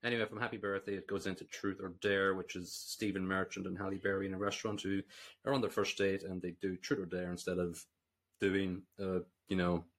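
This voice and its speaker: A very low-voiced Irish man chats casually on a film podcast. He recaps scenes at length and gives blunt, dismissive verdicts. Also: level tone, a little fast. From Ireland. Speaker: podcast co-host. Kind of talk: casual film review chat.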